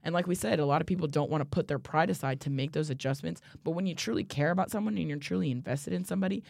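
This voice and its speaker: Animated woman telling a story, dry mic. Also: deep voice, very fast, vocal fry, no echo. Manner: animated storyteller, laughs easily, swears casually. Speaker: podcast co-host. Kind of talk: casual chat.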